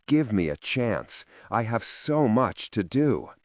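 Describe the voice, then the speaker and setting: Man voicing desperate young person, breathless, pleading, low voice, dry sound. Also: sing-song, slow pace, darkish tone, no room sound.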